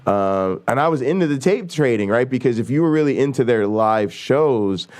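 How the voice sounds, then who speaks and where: A man's voice: medium pitch, animated, normal speed, a little mellow. A middle-aged man hosting a casual chat show, rambling and swearing, with many fillers. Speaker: host.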